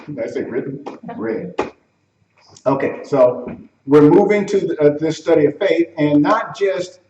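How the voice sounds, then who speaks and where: A fairly high-voiced man preaching a teaching sermon in a church sanctuary. He talks conversationally, quizzes his listeners, and acts out the quotes from scripture. The room is echoey and he stands back from the mic. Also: unhurried, a little mellow, recorded from a distance, dull audio, a little hiss or hum. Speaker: pastor.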